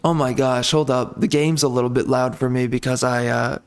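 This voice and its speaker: A man's voice: medium pitch, steady tone, brisk. A man hosting a gaming channel, ranting angrily and profanely over gameplay, agitated and repeating himself as he stumbles over words. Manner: angry, profane, stammering repetitions. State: agitated, seething.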